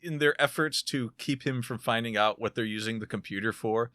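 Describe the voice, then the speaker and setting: A man's voice: mid-range voice, fairly quick, bright, forceful tone, dry recording, studio quality. A man co-hosting a casual podcast, retelling a book's plot in a rambling way with many restarts. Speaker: podcast co-host. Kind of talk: casual chat.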